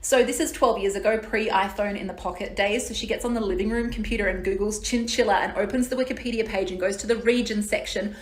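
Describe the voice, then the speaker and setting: An Australian woman in her thirties, telling a story to camera in an animated, exasperated way. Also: mid-range voice, fast, hardly any pauses, echoey room. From Western Australia.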